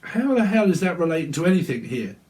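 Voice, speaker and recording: A man's voice: fairly high pitch, sing-song, fast talker, a little mellow. A man giving a casual tarot reading at home, blunt, rambling and profane. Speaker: tarot reader. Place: at home, windy day.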